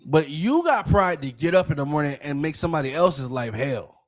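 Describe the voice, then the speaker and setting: A man's voice: fairly high pitch, lively intonation, brisk. A man hosting a podcast, ranting in a heated, profane way and often restarting his sentences. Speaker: podcast host. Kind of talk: casual podcast rant.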